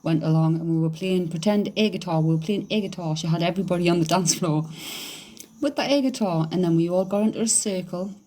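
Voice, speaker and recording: Chatty woman, mellow voice. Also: fairly low pitch, fast talker, a little hiss or hum. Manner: chatty, excitable, laughs often, swears casually. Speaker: psychic medium livestreamer. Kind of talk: casual livestream chat reading comments.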